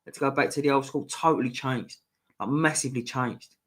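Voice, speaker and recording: Over slight background noise, a Cockney-accented man from East London chats on a casual fan livestream, reading out the chat. His voice is medium-pitched, a bit bright and fairly even, and he talks fairly quickly, rambling, restarting often and swearing casually.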